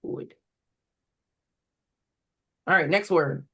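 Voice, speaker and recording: A reading program instructor giving a walkthrough to tutors, deliberately sounding words out syllable by syllable. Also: mid-range voice, gravelly, fairly bright tone, husky.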